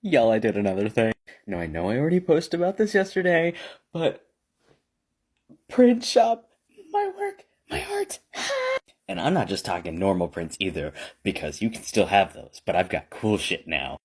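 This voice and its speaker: Husky, effusive man, casual vlog talk. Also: lowish voice, lively intonation, brisk. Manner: effusive, emotional, swears freely. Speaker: artisan vlogger. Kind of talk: casual selfie-video talk.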